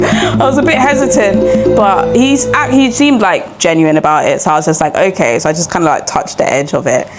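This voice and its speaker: A woman's voice: fairly high pitch, fairly quick, loud music behind the voice. A young woman, a sleep-deprived new mother, telling a rambling story in a casual vlog while walking outdoors. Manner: chatty, rambling, animated retelling. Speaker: vlogger. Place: outdoors on a street walk.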